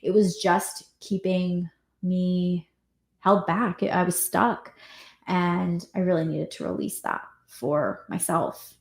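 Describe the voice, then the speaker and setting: A woman working as a parenting coach, talking casually to the camera and often pausing to rephrase her thoughts with fillers. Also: lowish voice, gravelly. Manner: conversational, with many fillers and restarts. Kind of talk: casual reflective talk to camera. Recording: echoey room.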